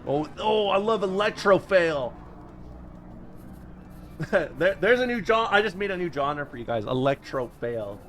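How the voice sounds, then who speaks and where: A man with a fairly high voice talks casually over a game he is streaming. He rambles and jokes, breaking into sudden excited yelps. Soft music plays faintly behind him. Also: normal speed, hardly any pauses. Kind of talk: casual gameplay commentary.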